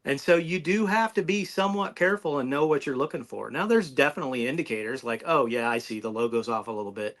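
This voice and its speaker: A man's voice: medium pitch, fast talker, few pauses, fairly bright tone. A man who reviews knives, a guest on a podcast, chatting casually and often restarting his sentences. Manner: rambling, restarts mid-sentence.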